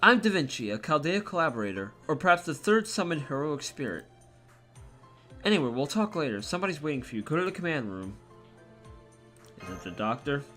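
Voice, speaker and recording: Guy reading out a smug playful genius lady, teasing, bright and lively. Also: fairly high pitch, a little fast, long pauses, soft background music. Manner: teasing, self-assured. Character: vain, playful genius woman.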